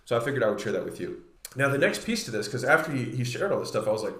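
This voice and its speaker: A man in his thirties hosting a podcast, talking in a relaxed, chatty way full of "like" as he retells a conversation. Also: mid-range voice, racing. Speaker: podcast host. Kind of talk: casual solo monologue. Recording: roomy echoey room.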